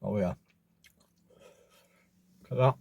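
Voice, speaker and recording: Laid-back Australian guy reviewing food, low dark voice, dry close sound. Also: slow, creaky, breathy edge, dry recording. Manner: rambling, laid-back, swears casually. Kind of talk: casual food review vlog.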